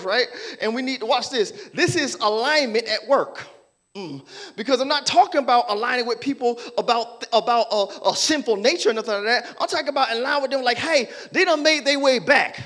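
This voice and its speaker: A man preaching a sermon as pastor, playful and animated, acting out people's voices and laughing with the congregation. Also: extremely high pitch, a little fast.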